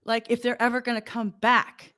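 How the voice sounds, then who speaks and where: A woman co-hosting a casual business talk over a livestream call, telling wry, animated stories. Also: fairly high pitch, normal speed, smooth. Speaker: podcast co-host. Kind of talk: casual chat.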